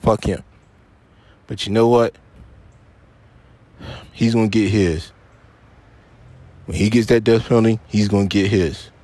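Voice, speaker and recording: In this solo podcast rant, the male host is frustrated and upset, cursing a lot and hammering his points by saying them again. His pitch is fairly low and his tone steady and a little mellow, with a slightly slow delivery and frequent pauses.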